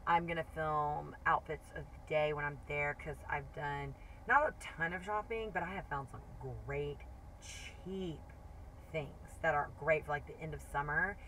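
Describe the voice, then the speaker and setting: Bright-voiced chatty woman, a bit off-mic. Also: sits low, steady tone, a little slow, distant mic, slight background noise, rough recording. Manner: chatty, heavy use of "like". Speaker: livestream co-host. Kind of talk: casual livestream chat.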